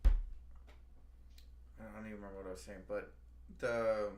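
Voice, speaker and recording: A man's voice: lowish voice, flat delivery, slow pace, a little mellow, a little hiss or hum. A young man hosting a casual stream chat, rambling and calling people bro. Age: young adult. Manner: rambling, says bro, frequent restarts. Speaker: stream host.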